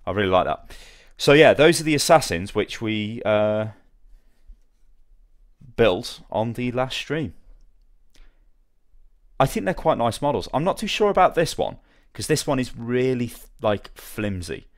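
A man's voice: mid-range voice, very animated, a little slow, long pauses. A young man chatting casually with his live-stream viewers as he assembles a model, rambling and greeting them by name.

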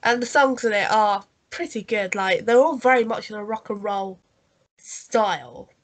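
A woman's voice: medium pitch, normal speed. Woman co-host, stuffy and nasal from a cold, chatty and rambling, coughs now and then. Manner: rambling, full of fillers and restarts, coughing. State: has a cold. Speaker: podcast co-host. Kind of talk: casual chat reviewing a holiday special.

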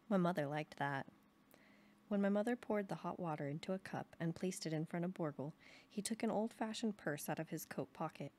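A young adult woman calmly reading a novel aloud in an even storytelling manner. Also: on the low side, brisk. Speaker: reader.

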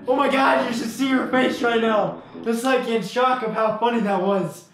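High-pitched guy for a comedic VR let's play, brash and loud, in a very echoey room. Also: moderate pace, vocal fry, hardly any pauses, faint music behind. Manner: brash, loud, trash-talking. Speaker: gamer.

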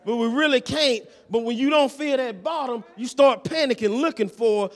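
A man's voice: very high voice, moderate pace. A man preaching a sermon as pastor in a church, constantly checking in with the congregation and repeating his phrases.

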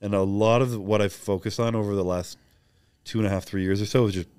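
Fast-talking low-voiced young man, reflective. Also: steady tone, darkish tone, clear, resonant tone. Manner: reflective, reenacts conversations in quick bursts. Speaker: podcast guest. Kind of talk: candid interview conversation.

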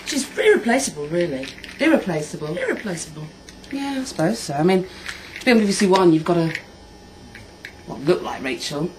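A woman's voice: on the low side, expressive, fairly quick, pauses often, a little mellow, a little hiss or hum, rough recording. Gossipy woman chatting casually. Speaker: colleague in comic chat. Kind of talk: casual backstage chat.

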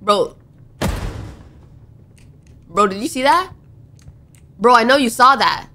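Bright, lively woman gaming streamer. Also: fairly high pitch, slow. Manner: excitable, talks to the game characters. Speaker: gaming YouTuber. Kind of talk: let's play commentary.

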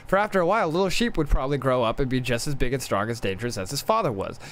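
Lively, profane man reading aloud on stream. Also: mid-range voice, rapid-fire, slight background noise. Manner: profane, joking asides, stumbles and restarts. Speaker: gaming streamer. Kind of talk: live stream, reading an in-game book aloud.

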